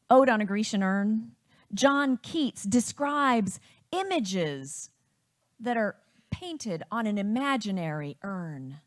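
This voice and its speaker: A woman from Wisconsin telling a personal family story in a reflective, unhurried way. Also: mid-range voice.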